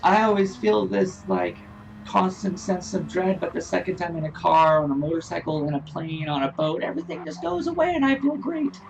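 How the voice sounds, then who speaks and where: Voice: mid-range voice, animated, normal speed, vocal fry. A sim racing commentator giving casual live race commentary, rambling and joking with frequent laughs. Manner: jokey, rambling, laughs often. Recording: distant dull lo-fi mic with faint noise.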